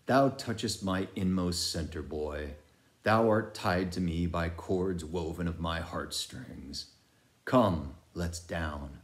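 A man's voice: deep voice, slow. A man voicing an obsessed old sea captain who speaks in archaic, declamatory sentences. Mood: brooding.

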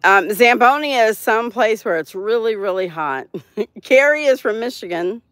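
A woman hosts a relaxed live stream from her Florida home. She talks chattily and laughs easily as she answers viewers, her pitch rising and falling a lot. The sound is close and dry, with no room echo. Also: moderate pace. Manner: chatty and laughing, reads out chat. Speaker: livestream host. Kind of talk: casual chat with live viewers.

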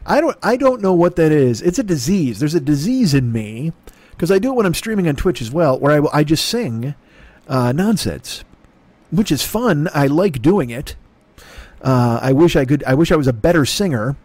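A man's voice: a little high, big pitch swings, normal speed, darkish tone, no echo. Profane, rambling comedian man. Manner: rambling, profane, self-mocking, bursts into silly crooning. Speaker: podcast host. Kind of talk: casual comedic monologue.

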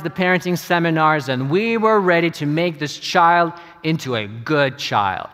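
A middle-aged man preaching a sermon as pastor, earnest and halting, often repeating his words. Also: on the high side, a bit bright. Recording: long reverb of a church hall.

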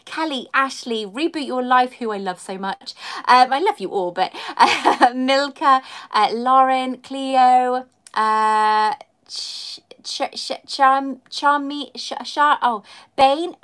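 A woman's voice: high voice, slow pace, a bit bright, clean tone. A woman chatting effusively with viewers on a live stream, greeting them by name as a YouTuber and collector.

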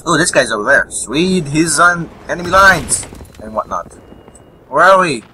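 Young guy commentating his shooter game live, rambly and sweary, bright lively voice, faint gunshots behind. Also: fairly high pitch, moderate pace, slight background noise, poor audio. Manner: rambling, swears, chuckles at enemies. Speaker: gameplay commentator. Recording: faint gunfire and vehicles behind. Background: game gunfire and explosions.

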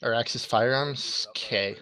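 A man's voice: mid-range voice, bright, forceful tone, no room sound. Terse man answering in game chat. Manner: terse, quick acknowledgments. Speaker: squad leader.

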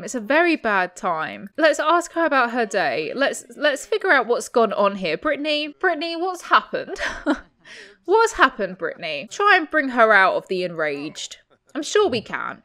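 A young woman chats through a life-sim game. Her voice is high and bounces around, and she breaks into giggles as she coaxes and scolds the characters. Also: fairly bright tone. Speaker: gaming channel host. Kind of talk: life-sim gameplay commentary.

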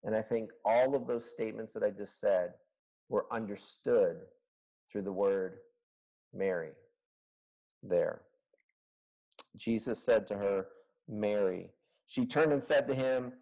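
A man's voice: mid-range voice, darkish tone, rough recording. A man teaching a Bible study as a pastor, earnest and conversational, asking his listeners rhetorical questions, recorded over an online video call.

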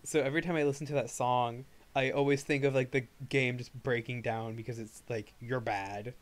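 A man's voice: mid-range voice, fairly even intonation, a little fast. A young man streaming live, chatting casually and rambling, often restarting his sentences. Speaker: livestreamer. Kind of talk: casual livestream chat.

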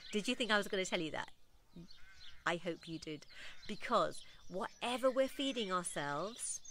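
Upbeat fitness lady chatting on a phone livestream out on her front steps, low-ish voice but bright and forceful, birds tweeting faintly behind. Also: slight background noise. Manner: chatty, upbeat, laughs often, reads out viewer comments. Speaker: fitness instructor. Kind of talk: casual live-stream chat. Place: outdoors on front steps of a house.

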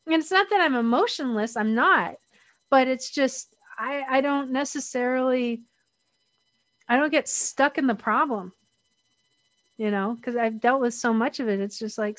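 A woman's voice: fairly high pitch, normal speed, a bit bright, dry recording. A middle-aged woman speaking as an interview guest, candid and reflective, often restarting her sentences.

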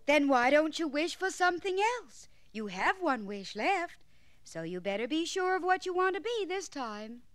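A woman's voice: high voice, very animated, moderate pace, no echo. A woman voicing a kind, patient fairy godmother who chants her spells in a sing-song way, on a vintage children's storybook record. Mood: gentle.

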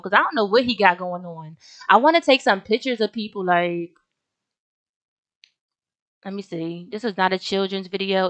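A woman's voice: lowish voice, a bit bright, dry recording. A young woman casually commenting on her game as she plays, chatty and slangy, often talking straight to her viewers. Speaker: gaming video host.

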